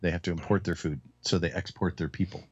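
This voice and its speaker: A low-voiced man co-hosts a relaxed panel talk, working through economic points with frequent fillers and restarts. The audio is dull and lo-fi. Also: quick pace. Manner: explains economics with hesitant fillers. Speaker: co-host. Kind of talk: casual round-table discussion. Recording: dull lo-fi sound.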